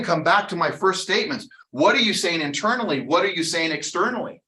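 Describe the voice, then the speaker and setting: A man's voice: fairly high pitch, pushed and bright, echoey room, rough recording. Emphatic man giving a motivational talk. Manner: earnest, emphatic, preacher-like repetition. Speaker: real estate sales trainer.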